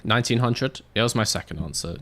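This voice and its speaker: A man's voice: mid-range voice, quick pace, fairly bright tone, faint music behind. A man casually chatting on a live stream while playing a racing management game, joking with chat and laughing often into a desk microphone with a pop filter. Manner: jokey, laughs often, reads chat aloud.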